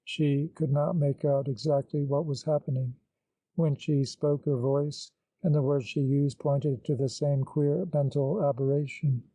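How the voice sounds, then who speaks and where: A man narrating an audiobook in a measured, literary storytelling manner. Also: a little high, flat delivery, mellow, no echo, poor audio.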